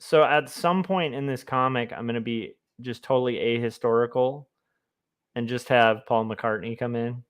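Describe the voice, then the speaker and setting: Chatty guy on a drawing stream, wanders off on tangents, laughs at his own jokes, mid pitch. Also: fairly even intonation, normal speed, smooth. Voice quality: rambling, self-amused, chatty asides. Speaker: comic artist streaming his work. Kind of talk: casual livestream chat.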